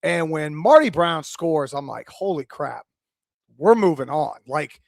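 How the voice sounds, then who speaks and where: A man's voice: fairly high pitch, animated, measured pace, gravelly, no room sound, clean studio sound. A man in his forties hosting sports radio, talking with passion and some swearing. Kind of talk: excited sports radio talk.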